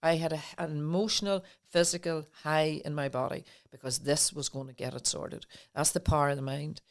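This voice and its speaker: A woman's voice: deep voice, fairly even intonation, brisk. A middle-aged woman, a podcast guest telling her own story earnestly and with feeling. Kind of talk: personal storytelling in a podcast interview.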